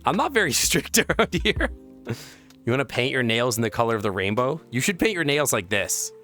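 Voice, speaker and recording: A young man chatting casually on a live stream, reading and answering viewer messages, playful and giggly, rambling and breaking into squeaky high exclamations. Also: sing-song, a little fast, sharp tone, soft background music. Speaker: VRChat streamer.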